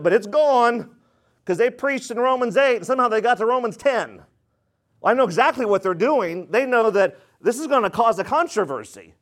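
Emphatic higher-pitched male pastor preaching. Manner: emphatic, repeats phrases for weight; addresses the congregation directly. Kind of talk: expository sermon.

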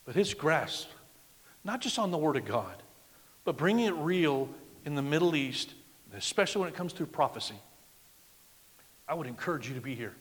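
A middle-aged man preaching a sermon as a guest pastor, emphatic, swinging from loud declarations to hushed lines. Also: fairly high pitch, big pitch swings, normal speed, long pauses. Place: church sanctuary. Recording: long reverb of a large church hall.

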